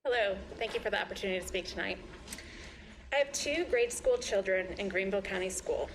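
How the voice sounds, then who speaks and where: A woman, a physician and mother, giving a measured, prepared public statement at a board meeting. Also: medium pitch, slight background noise, poor audio. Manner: measured, composed, reads prepared remarks. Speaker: physician and parent commenter.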